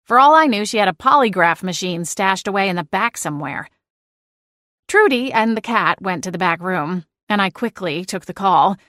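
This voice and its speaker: A woman narrating a cozy audiobook in the first person, lively and expressive. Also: medium pitch, no room sound, clean studio sound.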